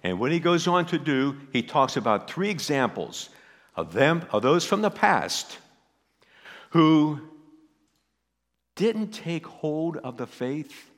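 A man's voice: fairly high pitch, very animated, slow, pauses often. A male pastor preaching a sermon, emphatic, repeating his key phrases. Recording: echoey hall.

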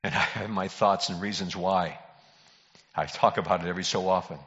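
Folksy older preacher in a reverberant church. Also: male voice, deep voice, fairly even intonation, brisk, fairly bright tone. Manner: folksy joke-telling preacher who calls out to congregation members. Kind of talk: sermon. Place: church sanctuary. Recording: dull recording in a reverberant hall.

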